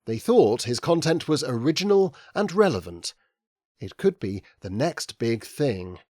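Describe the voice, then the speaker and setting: Measured man reading an audiobook. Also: mid-range voice, very animated, darkish tone, no echo, clean studio sound. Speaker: audiobook narrator. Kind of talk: scripted narration.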